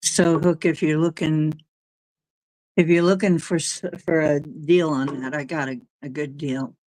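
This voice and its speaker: A woman's voice: low-pitched, flat delivery, unhurried, darkish tone, no room sound, poor audio. A middle-aged woman hosting a casual livestream, rambling from topic to topic and reacting to chat comments as they come in. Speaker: livestream host reading chat.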